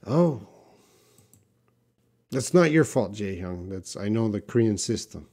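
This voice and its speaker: A man's voice: fairly low pitch, animated, slow, warm tone. Canadian man teaching English live. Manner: direct, reads viewer comments aloud and answers them. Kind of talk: live-stream Q&A lesson.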